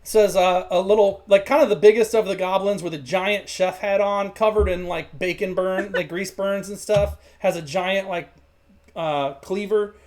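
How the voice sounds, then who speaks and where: A man's voice: high-pitched, fairly even intonation, moderate pace, a little mellow. A man narrating as game master in a tabletop game, rambling with many fillers and restarts.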